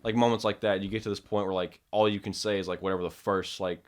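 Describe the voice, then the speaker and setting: Man, very deep voice, rambling casual chat, acts out scenes in hushed tones. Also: fairly even intonation, fast. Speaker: podcast co-host. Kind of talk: casual chat about horror films.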